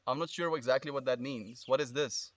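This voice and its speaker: A man's voice: mid-range voice, a little fast. A young South African man with a South African accent, chatting casually on a live stream outdoors from his phone and answering comments in a friendly, reflective way. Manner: relaxed, friendly, reflective, calls viewers friend. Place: outdoors under a tree in the sun.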